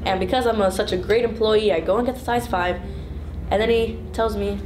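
A woman's voice: medium pitch, steady tone, fairly quick, background noise. Sarcastic teen girl, echoey room. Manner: dry, sarcastic storytelling. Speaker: student retail worker. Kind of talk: casual anecdote.

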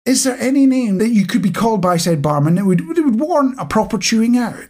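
A man's voice: sits high, very animated, fast, dark tone. A man co-hosting a casual chat podcast, talking to listeners directly with wry, dry humour. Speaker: podcast co-host.

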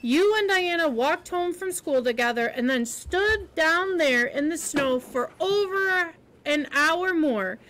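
Reading aloud, a woman voices a stern older woman who scolds in short, emphatic bursts. It's a full character voice, pitched extremely high above her own, slow, slightly bright and lively in intonation.

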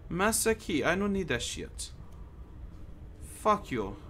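A man's voice: sits high, big pitch swings, slow pace, a bit bright, slight background noise, full character voice. A man putting on a bad mock German accent for a hammy character, speaking in stiff, formal phrases. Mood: pompous.

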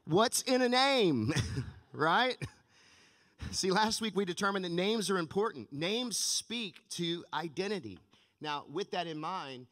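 A man's voice: high-pitched, pushed and bright. A man preaching a sermon as pastor, telling stories with energy in a church sanctuary. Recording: long reverb of a large church hall.

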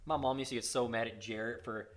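Fast-talking young man, offhand. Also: medium pitch, steady tone. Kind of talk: casual chat among friends.

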